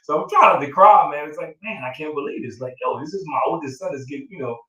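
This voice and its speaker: A man's voice: a little high, fast talker, pushed and bright. A middle-aged man, a proud father, telling a long heartfelt story in casual chat, with many fillers and an emotional tone. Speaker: father of the groom. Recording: roomy sound from a distant mic.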